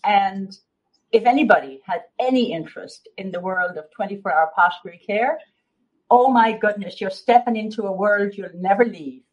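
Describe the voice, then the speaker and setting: A woman's voice: mid-range voice, normal speed, dull audio. A middle-aged Irish woman, a guest therapist, chatting freely in an interview, with many fillers and restarts. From Ireland. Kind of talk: casual interview chat.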